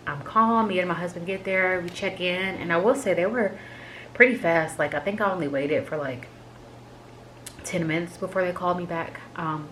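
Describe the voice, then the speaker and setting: Low-voiced woman telling a chatty story. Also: pushed and bright, a little hiss or hum, poor audio. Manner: chatty, filler-heavy with frequent "like"; candid and emotional recounting. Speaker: vlogger sharing a health update. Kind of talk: casual personal storytelling.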